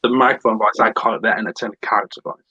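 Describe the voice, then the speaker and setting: Bright-toned man, animated podcast guest. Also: lowish voice, rapid-fire, breathy edge, no room sound, muffled recording. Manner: animated, mimics voices while explaining. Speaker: guest entertainer. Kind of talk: casual podcast chat.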